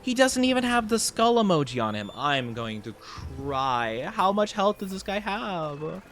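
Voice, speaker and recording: A man's voice: sits high, moderate pace, soft background music. A young man chatting playfully with his chat while streaming a game. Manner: playful, excitable, reacts loudly to chat. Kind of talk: casual game livestream chat.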